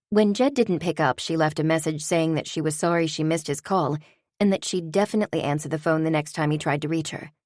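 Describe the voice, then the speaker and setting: A woman reads scripted audiobook narration, her low-pitched delivery measured and evenly paced like a storyteller. The recording is dry, with studio quality.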